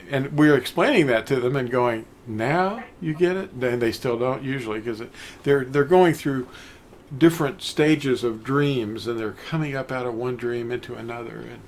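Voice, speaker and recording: A man's voice: medium pitch, vocal fry, slight background noise. An older man talking casually on a phone call, rambling and mocking the people he describes in put-on voices.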